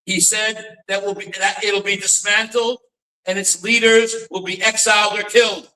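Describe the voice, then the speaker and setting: A rabbi and author gives a lecture in a dramatic storytelling manner, circling back over his words with repeated restarts and Yiddish phrases. His voice is high and bright with a level tone at normal speed, picked up from a distance with a faint sense of the room.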